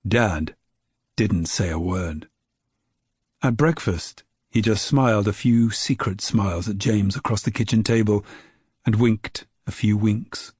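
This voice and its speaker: Brief: male children's-book narrator, gentle and measured, slightly husky, dry booth sound. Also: fairly low pitch, no echo. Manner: gentle, measured reading aloud. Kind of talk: storybook narration. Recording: dry close recording.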